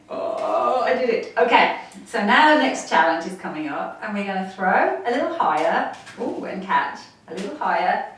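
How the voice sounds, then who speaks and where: A woman's voice: medium pitch, fairly bright tone, slight background noise. Laughing woman leading a playful exercise class. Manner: encouraging, laughs often, chatty while moving. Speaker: movement instructor. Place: home room, seated on a chair. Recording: echoey room, mic at a distance.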